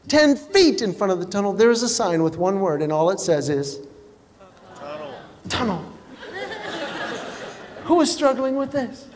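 High-voiced man doing stand-up. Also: a little fast, few pauses. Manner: animated storytelling, acting out voices. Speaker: comedian. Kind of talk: stand-up comedy. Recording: long hall reverb, faint background noise.

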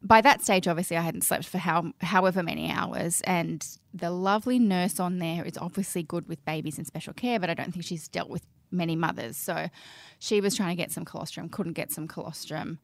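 A woman, telling her birth story in casual, animated conversation. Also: lowish voice, fairly quick, hardly any pauses, no room sound. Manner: chatty, animated quoting of others. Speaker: guest sharing birth story.

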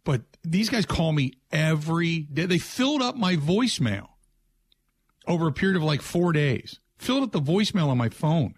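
A man's voice: fairly high pitch, moderate pace, slightly rough, no room sound. A man hosting a sports talk radio show, chatting casually and ranting in exasperation. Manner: exasperated, ranting, animated storytelling.

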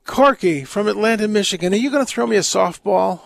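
A man's voice: high-pitched, fairly quick. A man, a priest hosting a call-in radio show, giving earnest pastoral advice with jovial asides. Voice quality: gravelly. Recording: dry close studio mic.

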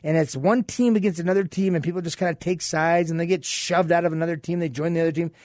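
A man's voice: a little high, steady tone, fast, darkish tone, dry recording, clean studio sound. A man guest-hosting a political talk radio show, telling stories and acting out quoted exchanges. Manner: storytelling, acts out quoted exchanges.

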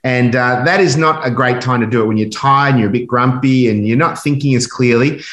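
A man's voice: mid-range voice, fairly quick, fairly bright tone. A man speaking on marriage from a Christian view, easygoing and affirming as he shares experience. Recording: roomy echo.

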